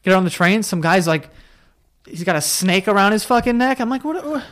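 A man with a high voice co-hosts a podcast in loose, casual chat. He gets animated and his pitch jumps even higher when something excites him. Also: fairly quick, a little hiss or hum. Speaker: podcast co-host.

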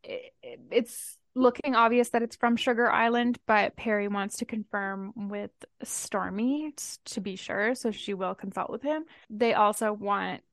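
A woman co-hosting a casual book club podcast, chatty and reactive, often chiming in with quick agreement. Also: mid-range voice, no room sound. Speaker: podcast co-host.

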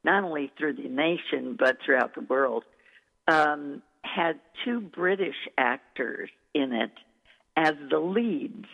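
A gravelly-voiced woman coach, effusive and full of enthusiasm as she tells her stories. Her voice comes through a thin, phone-like channel. It has a long reverb tail. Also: deep voice, animated, slow pace. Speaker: dialect coach, guest. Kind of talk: interview storytelling. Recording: echoey, tinny phone-like recording.

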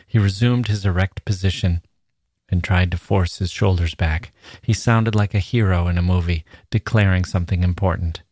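A man hosting a podcast, reading a short story aloud in a measured, steady way. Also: deep voice, dry recording, clean studio sound. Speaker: podcast host.

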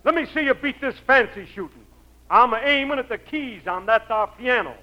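A man's voice: extremely high pitch, lively intonation, normal speed, pushed and bright, heavily acted. A man doing a bragging cowboy gunslinger. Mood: challenging. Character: boastful tough cowboy gunslinger, male adult. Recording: muffled old comedy recording.

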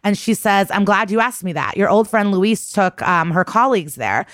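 A podcast co-host, a woman with a medium-pitched voice and lively intonation, recaps a TV episode at a moderate pace, chatty and profane, acting out its lines. The sound is clean studio audio with no echo.

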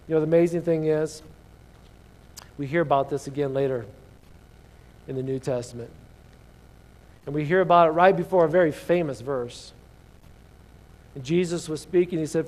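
A man's voice: a little high, moderate pace, pauses often, a little mellow. A male pastor preaching a sermon, reading scripture aloud and asking his congregation questions.

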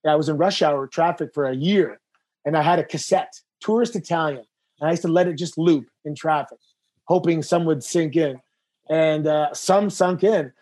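This man's voice sits on the high side and moves at a normal speed. Appearing as a guest in a casual chat, he tells stories animatedly, performing the voices of the people in his anecdotes.

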